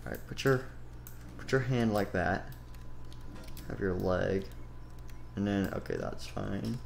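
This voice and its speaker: A man's voice: fairly low pitch, slow pace, creaky, slight background noise, voice pushed down, exaggerated voice. A man voicing a goofy male animatronic rabbit in an improvised game role-play, rambling and muttering to himself while he works. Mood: busy.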